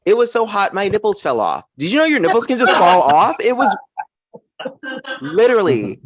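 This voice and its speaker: A young man doing a stand-up comedy set on a live video-call show, with an animated, punchy delivery and frequent laughs. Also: high-pitched, normal speed, no room sound. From United States.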